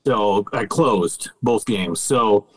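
A man's voice: lowish voice, takes it slowly, husky, low-quality recording. A middle-aged man, a podcast guest, casually telling stories, laid-back, swearing freely and laughing as he goes. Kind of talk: casual storytelling.

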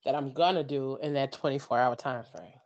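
A woman co-hosting a podcast, talking casually in a slow, playful way. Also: rumbling low, darkish tone, muffled recording. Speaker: podcast co-host.

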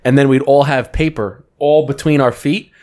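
A man's voice: mid-range voice, steady tone, normal speed, darkish tone. A young man co-hosting a casual podcast, telling stories loosely and joking, swearing often. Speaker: podcast co-host. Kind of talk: casual chat.

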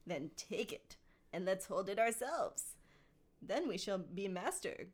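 A woman's voice: medium pitch, big pitch swings, measured pace, husky. A woman reading the part of Gollum, a wretched, scheming creature muttering to itself in a hissing, wheedling, partly whispered theatrical voice.

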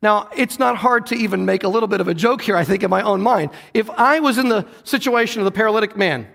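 A man's voice: high voice, fast, creaky, fairly bright tone, long reverb tail. A man preaching a sermon, earnest and often repeating or correcting himself as he goes. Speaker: pastor.

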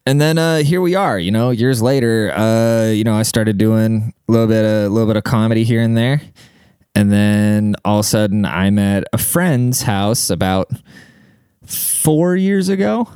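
A man's voice: fairly low pitch, darkish tone, smooth, dry recording, clean studio sound. A man rambling through a casual comic monologue, profane and self-deprecating, full of fillers. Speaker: comedian and podcaster.

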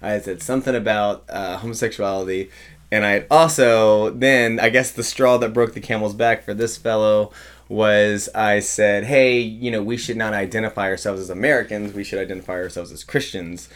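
A man in his thirties, a pastor chatting casually and telling lively stories, acting out the voices of the people in them. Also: lowish voice, moderate pace. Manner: animated storyteller acting out quoted voices. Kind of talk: casual podcast chat.

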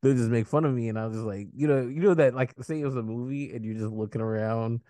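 A man's voice: medium pitch, fast talker, dark tone, no room sound. A man from California, joking and stumbling over his words in a casual chat. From Northern California. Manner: stammering restarts, joking.

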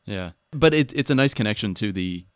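A man's voice: fairly low pitch, expressive, a little fast, clear, resonant tone, no room sound, studio quality. A man guest in casual podcast chat who laughs often and reflects thoughtfully.

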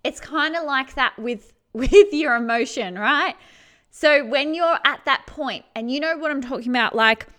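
A woman's voice: high voice, measured pace, sharp tone. A woman vlogger giving self-help advice in casual talk, swearing freely, laughing often and acting out her feelings, with lots of "right?". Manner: keeps checking in with "right?". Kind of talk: casual direct-to-camera chat.

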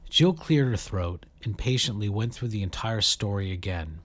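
A man narrating a fantasy story aloud, animated and raising his voice for the characters' shouts. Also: fairly low pitch, moderate pace, hardly any pauses. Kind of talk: audiobook-style story narration.

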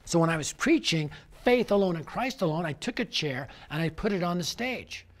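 A middle-aged man, a youth evangelist, telling a personal story as a sermon, acting out voices and dropping low and quiet for serious points. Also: expressive, moderate pace.

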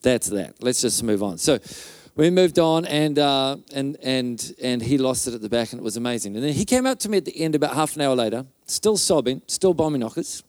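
A man's voice: mid-range voice, lively intonation, brisk, a little mellow, dry recording, clean studio sound. A male pastor telling a healing story in a conference sermon, loose and chatty, with fillers and restarts and little mouth sound effects.

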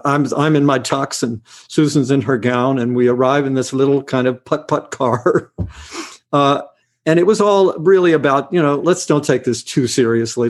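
Older man telling self-mocking stories. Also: medium pitch. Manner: hesitant, full of uh and restarts, self-mocking. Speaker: guest actor. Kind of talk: relaxed anecdotal storytelling.

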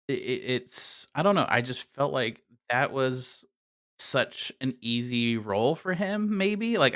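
A man's voice: medium pitch, pushed and bright. A man co-hosting a casual film-review chat, hesitant and full of fillers. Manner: hesitant, many fillers and "I don't know". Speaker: podcast co-host.

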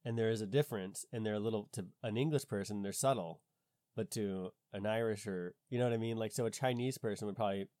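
A man's voice: lowish voice, fast talker, mellow, no echo, studio quality. A man in casual conversation, skeptical and questioning, thinking aloud with frequent restarts.

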